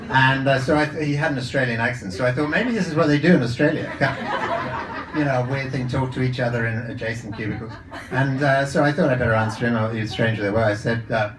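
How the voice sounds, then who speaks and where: A man's voice: medium pitch, fast talker, roomy sound, far from the mic, a crowd in the background, low-quality recording. A man speaking as a psychologist and coach to a live audience, telling stories in a chatty way with frequent restarts. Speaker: psychologist and coach giving a talk. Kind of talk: live talk to an audience with anecdotes. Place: event room with a live audience. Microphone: handheld or lapel mic.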